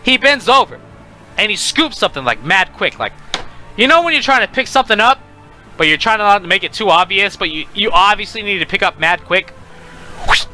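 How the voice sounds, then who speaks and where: Young man, casual storytime, swooping pitch, faint music behind. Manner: animated, profane, excitable storytelling.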